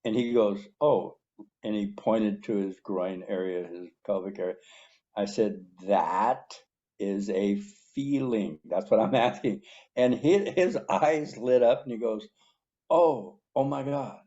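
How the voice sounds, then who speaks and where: Slow, deliberate low-voiced man. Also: warm tone, dull audio. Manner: slow, deliberate, drawn-out words with pauses. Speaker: co-host of a recovery talk show. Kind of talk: reflective personal sharing. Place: a room with people.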